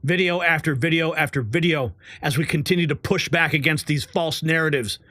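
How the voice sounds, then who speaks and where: A man's voice: on the high side, fairly quick, sharp tone, no room sound. A man hosting a live online news show, ranting in an indignant, emphatic and sarcastic way. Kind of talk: live commentary rant.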